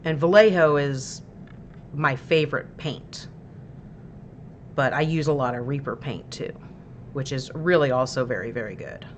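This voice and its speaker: A woman's voice: rumbling low, unhurried, pauses often, a little hiss or hum. A woman hosting a miniature painting livestream, explaining her paints in a chatty, easygoing way with plenty of fillers. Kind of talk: casual paint-along tutorial.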